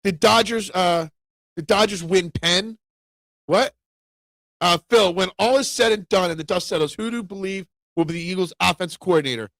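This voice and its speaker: A man hosting a casual sports talk show, opinionated and animated, raising his voice when he rants. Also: high-pitched, moderate pace, no room sound. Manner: opinionated, animated, gets loud when ranting.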